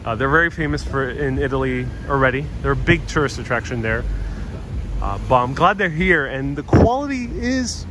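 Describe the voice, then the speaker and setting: A man's voice: medium pitch, lively intonation, moderate pace. A man hosting a live stream while walking a city street, reading viewers' comments aloud and answering them in easy, friendly chat. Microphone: wireless clip-on mic. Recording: outdoor street noise. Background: city traffic.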